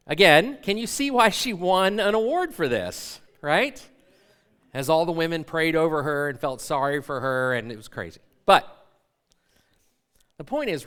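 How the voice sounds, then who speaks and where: A middle-aged man preaching a sermon, telling a personal story in an animated, self-mocking way. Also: on the high side, smooth. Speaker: pastor.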